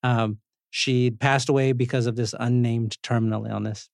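Male podcast host, mid pitch, animated storyteller, casual and profane, dry booth sound. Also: normal speed, creaky, no echo. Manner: animated storyteller, swears, laughs often.

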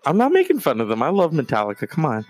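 A man hosts a podcast in loose, casual chat. He rambles from thought to thought and swears freely. His voice sits a little high for a man. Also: wildly swooping pitch, quick pace, loud music behind the voice. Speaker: podcast host.

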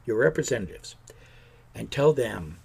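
A man's voice: mid-range voice, animated, moderate pace, vocal fry, breathy edge. A man hosting a podcast, giving an indignant, sarcastic political rant. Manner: indignant, sarcastic, mocks politicians in put-on voices. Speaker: podcast host.

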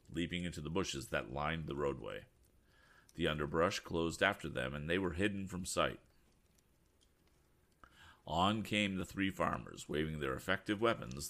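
A man narrating a storybook in an expressive, animated reading. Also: deep voice. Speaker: audiobook narrator.

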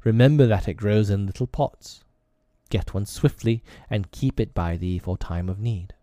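A man's voice: on the low side, normal speed, warm tone, no echo, clean studio sound, lightly acted. A man voicing a wise, protective male panther who speaks solemnly and tenderly in a storybook reading. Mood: grave, tender.

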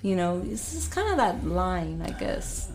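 Soft-spoken young woman, chatty. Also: lowish voice, very animated, unhurried. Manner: chatty, quotes others in soft asides. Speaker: podcast guest. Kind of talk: casual chat.

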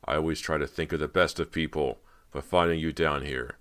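In an audiobook, a man with a bass voice performs a smooth, threatening film director, shifting between persuasive and eagerly excited. His pace is fairly brisk.

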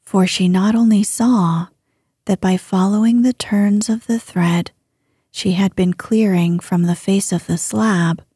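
Very breathy, slow woman storyteller. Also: mid-range voice, steady tone, mellow, no echo, clean studio sound. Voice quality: breathy whisper. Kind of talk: whispered storybook reading.

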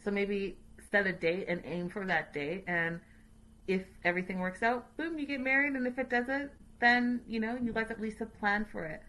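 Brief: woman vlogger, bright and clear tone, chatty and opinionated, casual recap talk. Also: medium pitch, normal speed, low-quality recording. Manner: opinionated, chatty, sassy asides to viewers. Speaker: reality show recap vlogger. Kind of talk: casual chat.

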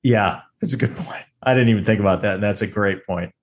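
Lowish-voiced guy co-hosting a movie podcast, jokey, acts out little quotes, loose casual chat. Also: fast. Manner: animated, joking, acts out quotes. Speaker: podcast co-host. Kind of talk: casual film review chat.

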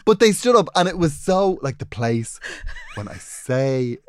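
A young man chatting casually, telling stories with big laughs and sudden quiet asides. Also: measured pace, slight background noise. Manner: animated storyteller, laughs often, swings between loud bursts and low asides. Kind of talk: casual chat.

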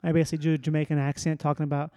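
High voiced comedian guy chatting, wry and quick, dry close sound. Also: flat delivery, mellow, clean tone, no room sound. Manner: quick, wry, riffing on bits. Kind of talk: casual chat.

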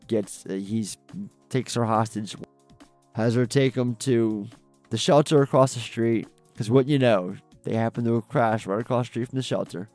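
A man co-hosting a film podcast and retelling scenes with enthusiasm and the odd swear word. His voice sits at an everyday pitch for a man. Faint music plays underneath. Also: darkish tone. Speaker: podcast co-host. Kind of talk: casual film review chat.

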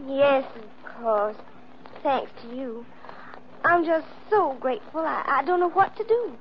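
A gushing Southern belle with a honeyed American Southern drawl and a high voice. It's 1940s radio drama, the sound dull and lo-fi with a faint hiss. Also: female voice, measured pace. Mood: sweetly grateful. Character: sweet-talking young Southern woman, secretly a killer.

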